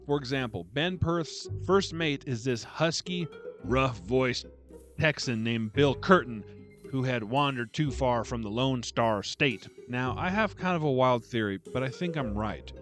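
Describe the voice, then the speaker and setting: A male reviewer speaking in a mid-range voice with a wry, mocking edge as he works through a scripted critique. His pace is brisk. A faint music bed runs underneath. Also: medium pitch, animated, fairly bright tone. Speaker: book reviewer, channel host.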